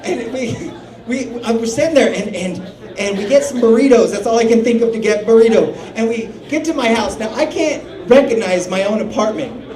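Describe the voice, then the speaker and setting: A man's voice: very high-pitched, normal speed, darkish tone. A male stand-up comedian telling a story on a small bar stage, swearing a lot and acting out his friends' lines. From Salt Lake City area. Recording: roomy bar recording from a distance. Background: crowd laughing.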